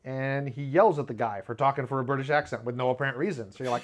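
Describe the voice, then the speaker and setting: A man hosting his own show, talking in a rambling, self-mocking way and often laughing at his own jokes. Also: quick pace. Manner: lively pitch jumps when acting out quotes. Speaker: video show host. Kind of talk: casual comedic monologue. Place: home studio with black curtain behind.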